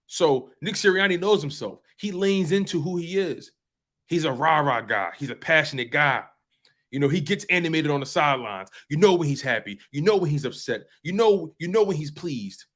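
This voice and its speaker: A man's voice: on the high side, animated, moderate pace, fairly bright tone. Passionate man hosting a sports talk show. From US East Coast. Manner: passionate, emphatic, repeats phrases for effect.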